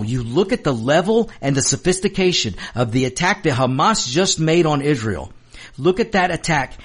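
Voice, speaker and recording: A man hosting a political commentary show, talking fervently and repetitively while addressing his audience directly. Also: a little high.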